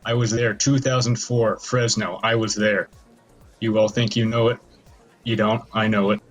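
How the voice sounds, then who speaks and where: A man's voice: on the low side, level tone, normal speed, faint music behind. A man playing a debate candidate in a mock political debate on voice chat, rambling and boastful in a conspiratorial way.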